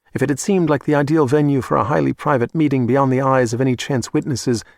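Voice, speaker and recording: A man narrating a thriller audiobook in a measured, even storytelling manner. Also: medium pitch, no echo, studio quality.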